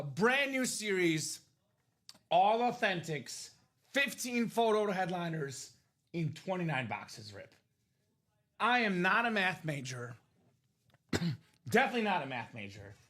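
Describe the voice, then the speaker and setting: Male live-break host, high bright voice, bouncy delivery, talks straight to chat. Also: slow, long pauses. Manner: animated, explains rules to chat. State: coughing, losing his voice. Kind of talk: live stream sales chat.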